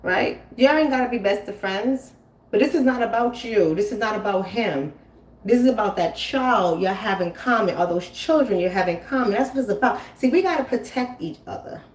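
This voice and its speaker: A woman's voice: medium pitch, animated, moderate pace. A woman in her forties, a host talking at home in a casual stream, emphatic and preachy, repeating her phrases. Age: 40s. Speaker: commentary host. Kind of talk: casual live-stream talk. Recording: roomy, from a distance.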